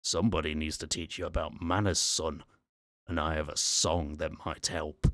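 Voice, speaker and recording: A man's voice: rumbling low, level tone, normal speed, a bit bright, no room sound, studio quality. A man doing a snarling Scottish mascot robot. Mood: menacing. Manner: snarling, menacing and profane. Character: furious foul-mouthed male mascot robot.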